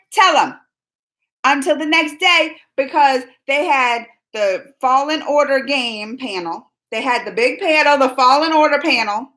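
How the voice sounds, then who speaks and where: A young woman hosting a live stream, excitedly retelling a fan encounter in casual chat, full of quoted dialogue and squeals. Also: fairly high pitch, poor audio. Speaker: livestream host.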